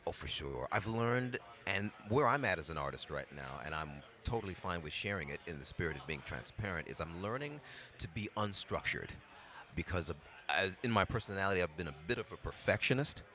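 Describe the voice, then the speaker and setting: A man's voice: sits low, fairly quick. A man from Brooklyn, a voice actor, talking reflectively and expressively as a guest in a casual interview. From Brooklyn, New York. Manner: reflective, expressive, animated storyteller. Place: convention floor.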